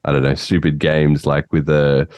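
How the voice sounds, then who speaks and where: A man's voice: very deep voice, little pitch movement, moderate pace, a little mellow, no echo, lo-fi sound. A man hosting a podcast, chatting casually in a rambling way and laughing often. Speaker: podcast host.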